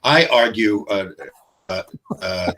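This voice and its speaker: A man's voice: on the low side, slow, noisy background. A man hosting a casual political chat, combative and profane, getting heated as he argues. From New York. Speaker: host.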